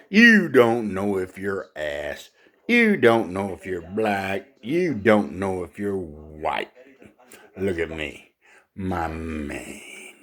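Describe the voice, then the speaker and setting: A proud lion king who struts and brags about his mane and roar, as a man puts him on. He speaks low and slow, with a self-important swagger. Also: fairly bright tone, full character voice. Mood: boastful.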